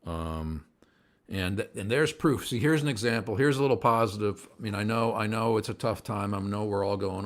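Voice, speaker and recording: Lower-voiced guy rambling on his livestream, earnest, gets kinda worked up. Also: moderate pace. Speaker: host of a livestream show. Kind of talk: casual livestream chat to viewers. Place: at home by a window, indoors.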